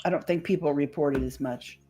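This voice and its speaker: On a streamed show, a deep-voiced woman tells stories in fairly quick, casual chat, throwing in some mild swearing. Faint music plays behind her.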